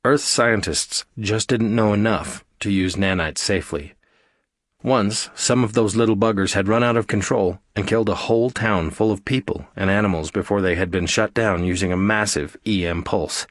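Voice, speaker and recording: A male audiobook narrator with a low voice reads scripted narration at a moderate pace. The recording is dry, with clean studio sound.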